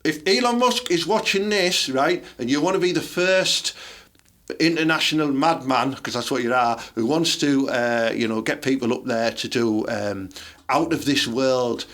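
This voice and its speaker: A man's voice: mid-range voice, normal speed, fairly bright tone. A man with a Teesside accent hosting a podcast, full of crude, cheeky banter and swearing. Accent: Teesside English. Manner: cheeky, swears freely, laughs often. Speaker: podcast host.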